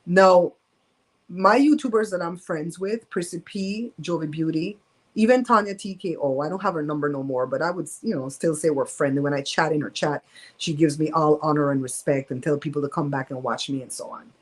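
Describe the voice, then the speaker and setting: A woman's voice: sits low, brisk, poor audio. A woman hosting a casual live-stream storytime from home, talking in a candid, emphatic and gossipy way. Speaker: host of a live show.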